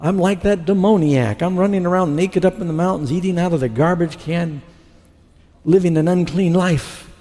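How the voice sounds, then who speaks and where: A man's voice: high voice, moderate pace, warm tone. A middle-aged man preaching a sermon, telling his conversion story and acting out his past dialogue. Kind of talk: sermon testimony. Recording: long hall reverb.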